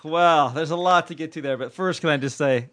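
A man's voice: a little high, fairly bright tone, no echo. A man co-hosting a casual podcast, bantering and teasing with jokey asides. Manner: joking, teasing, quick asides. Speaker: podcast co-host.

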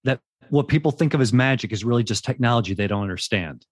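A man talking movies in an emphatic way, leaning on repeated words, mid-pitched. The sound is dry and close, with no room around it. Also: expressive, fast talker, dry recording. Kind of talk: casual chat about movies.

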